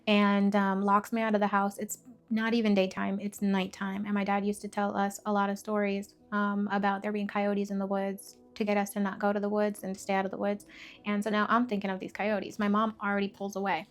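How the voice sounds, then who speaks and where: A woman's voice: mid-range voice, monotone, a little fast. A young woman telling her own life story with candor and emotion, full of fillers and restarts. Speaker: faith vlogger. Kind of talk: personal testimony.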